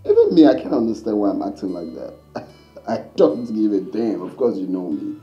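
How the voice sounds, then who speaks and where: A cocky young prince, muffled and roomy. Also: male voice, on the low side, huge pitch swings, normal speed, warm tone, soft background music. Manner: cocky, dismissive, laughing. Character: cocky young prince talking to his mother. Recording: muffled, roomy film audio.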